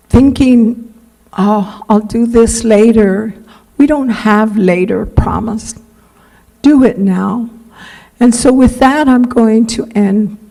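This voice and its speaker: A woman's voice: mid-range voice, creaky, warm tone, rough recording. A woman preaching a sermon in a church, earnest and pleading, leaning hard on key words. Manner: earnest, pleading, drawn-out emphasis. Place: church sanctuary.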